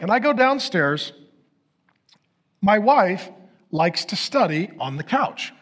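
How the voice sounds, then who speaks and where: A man's voice: sits high, sing-song, slow, pauses often, a bit bright. A middle-aged male pastor preaching, telling a candid, self-mocking story about his marriage to the congregation. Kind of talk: sermon.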